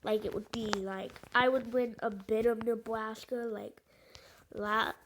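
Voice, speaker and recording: A woman's voice: fairly high pitch, little pitch movement, unhurried, slight background noise, rough recording. A woman chatting casually over an election map, rambling and hesitant with lots of fillers and joking asides. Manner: joking, self-deprecating asides. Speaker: video creator.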